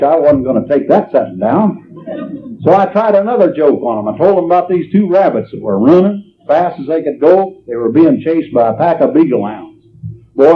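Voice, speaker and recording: A man's voice: a little high, a little hiss or hum. Guy spinning folksy jokes, voice bouncing all over, kinda muffled live tape. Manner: folksy, chuckling at his own jokes. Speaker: comedian. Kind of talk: stand-up storytelling. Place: live event before an audience. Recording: dull lo-fi live recording.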